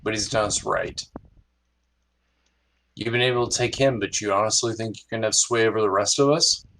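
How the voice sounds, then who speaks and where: A man's voice: fairly low pitch, moderate pace, a bit bright, low-quality recording. A man voicing a loyal pirate first mate who talks bluntly and makes threats. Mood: stern.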